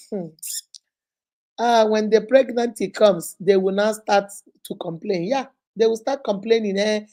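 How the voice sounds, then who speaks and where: A middle-aged Nigerian woman hosting a relationship advice talk, telling stories with lively, acted-out quotes. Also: mid-range voice, moderate pace. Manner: lively storytelling, acts out quoted voices, frequent laughter. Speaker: host answering relationship questions. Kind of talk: animated casual advice talk.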